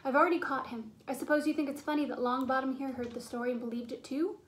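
A stern older witch professor scolds her students in a high, clipped voice, as a woman reads her part. She is strict and cold, straight from a storybook. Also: steady tone, fast, lightly acted.

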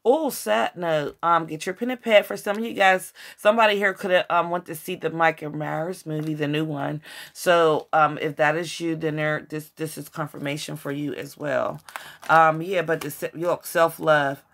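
Excitable, swearing woman tarot reader. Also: low voice, moderate pace, creaky. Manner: excitable, swears often, addresses viewers as y'all. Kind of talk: casual tarot reading to viewers.

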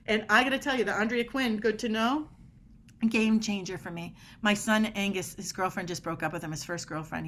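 A woman talks with punchy emphasis and quick energy, acting out short quoted exchanges to drive her points home. Her voice sits at a middle pitch, and a faint hiss runs under it. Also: fairly bright tone. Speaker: body language expert guest. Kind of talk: animated podcast conversation.

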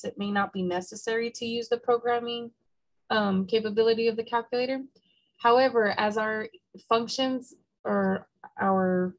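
A woman math instructor is giving a recorded lecture with the hiccups, patiently walking through each step and checking in with "okay?" Her voice is medium in pitch, and the audio quality is poor.

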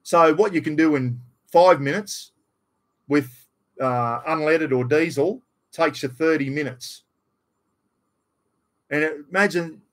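A man's voice: a little high, fairly bright tone. Blunt Australian man, casual live chat. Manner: blunt, rambling, colloquial. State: slight cough after illness. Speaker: livestream host.

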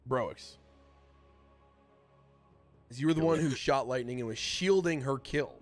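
A man running a tabletop role-playing game as dungeon master, narrating in a casual, halting way with frequent restarts. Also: mid-range voice, faint music behind. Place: home streaming setup.

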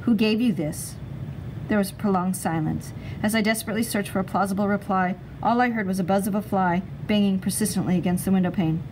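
A woman's voice: mid-range voice, steady tone, fast talker, hardly any pauses, noisy background. Brief: woman storyteller, chapter book read-aloud, mid-range voice. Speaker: reader.

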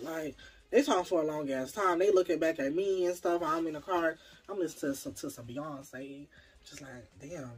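A young adult vlogger with a medium-pitched voice tells a personal story casually, animated and dramatic, with plenty of profanity.

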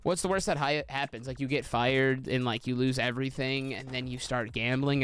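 A young man streaming a game from a small room at home, chatting casually, joking and swearing with sudden excited yelps. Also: a little hiss or hum. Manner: animated and joking, swearing, quick pitch jumps into excited yelps. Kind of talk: casual livestream chatter while playing.

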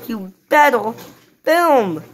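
Woman voicing a little boy, whiny, pouting, demanding, high, slow. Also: very animated, full character voice. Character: whiny little boy Teddy, easily upset.

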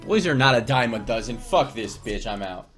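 A man's voice: medium pitch, lively intonation, normal speed, fairly bright tone, soft background music. A young adult man streaming from home, talking in a casual, crude and rambling way while he plays. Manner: crude, rambling, profane banter. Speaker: live streamer.

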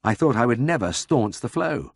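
A man narrating a first-person memoir audiobook in a measured, dry storytelling manner. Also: mid-range voice, very animated, vocal fry, slightly rough, dry recording.

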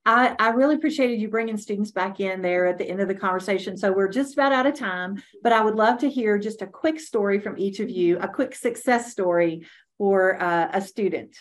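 A woman moderating a webinar panel, friendly and brisk as she hands off to speakers. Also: medium pitch.

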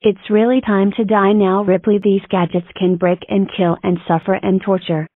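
A woman's voice: medium pitch, little pitch movement, normal speed, phone-quality sound, very noisy, natural voice. A woman voicing a vengeful, bossy girl enemy who threatens and mocks. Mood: threatening. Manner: threatening, mocking.

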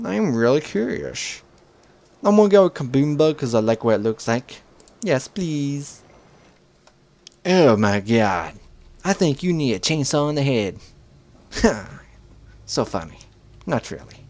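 A man's voice: medium pitch, very animated, measured pace, creaky, long pauses, a little mellow. A man giving rambling, profane let's play commentary as a gaming channel host, slipping into mock panic.

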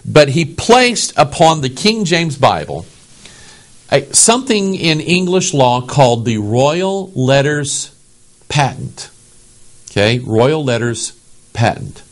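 Man from the US, pastor, preaching with a lively, swinging voice; emphatic, keeps asking "okay?". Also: medium pitch, slow pace. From United States. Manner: animated, emphatic, asks the audience "okay?". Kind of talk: sermon.

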